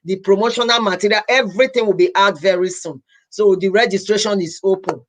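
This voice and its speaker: Speaking briskly in a mid-range voice, a Nigerian-accented healthcare professional from Edo State, a young adult woman, runs a casual live stream. Her tone is earnest and pleading, with repeated words and shifts into Pidgin.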